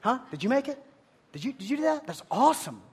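A high-voiced man with a husky edge delivers an energetic sermon to a room full of students. He jokes and teases as he talks, and he keeps dropping into mock voices to play the doubters he is arguing with. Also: fast. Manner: animated, joking, mimics listeners in mocking voices. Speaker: youth pastor. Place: room with a live audience of students.

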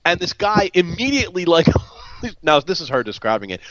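A man co-hosting a casual group podcast chat, telling a story with lively acted-out quotes. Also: on the high side, normal speed. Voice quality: animated storyteller, acts out quoted people. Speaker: podcast co-host. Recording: dull lo-fi podcast audio, dry.

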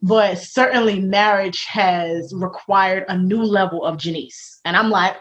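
A woman as an interview guest in casual faith-centred chat, animated and laughing often, acting out the voices she quotes. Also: mid-range voice, normal speed, few pauses. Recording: dull lo-fi recording.

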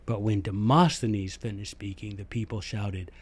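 A man hosting a podcast in a casual monologue, talking fast and excitedly with restarts and emphatic asides. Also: on the low side, husky. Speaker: podcast host and former teacher.

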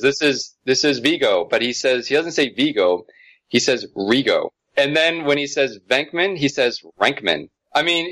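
A man co-hosting a casual film podcast, chatting, laughing often and explaining things with animated detail. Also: mid-range voice, no echo. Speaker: podcast co-host. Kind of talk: casual film review chat.

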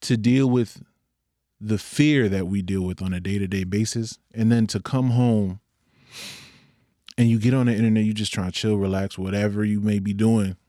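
A man's voice: lowish voice, dark tone, dry recording, studio quality. A young man speaking in an earnest, candid personal monologue, with occasional rueful laughs.

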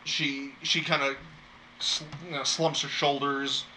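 A man narrating a tabletop game as game master, with many pauses and fillers. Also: mid-range voice, flat delivery, bright, forceful tone, a little hiss or hum, poor audio. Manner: hesitant, filler-heavy.

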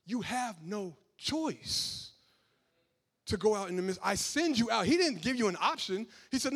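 Man, high voice, sermon, conversational, emphatic shouting. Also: lively intonation, a little slow, breathy edge. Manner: conversational, building to loud emphatic preaching. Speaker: preacher.

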